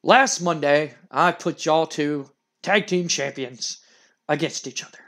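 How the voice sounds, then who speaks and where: A man's voice: fairly high pitch, measured pace, a bit bright. A man voicing a bossy middle-aged male wrestling promoter who talks in a curt, dismissive way.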